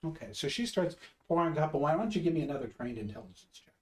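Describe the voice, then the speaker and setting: A man narrating as game master, slowing down for vivid descriptions. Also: a little high, big pitch swings, poor audio.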